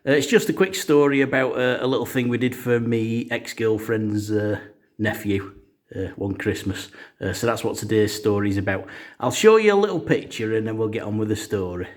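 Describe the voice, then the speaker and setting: A man's voice: fairly low pitch, normal speed. A man telling a comic story in a casual, rambling way, full of "uh" fillers. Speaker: storyteller host.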